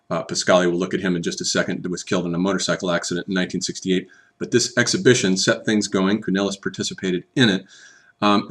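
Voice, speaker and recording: A man giving an art history lecture, explaining slowly and often restarting his phrases as he goes. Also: low-pitched. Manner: measured, restarts and repeats phrases while explaining.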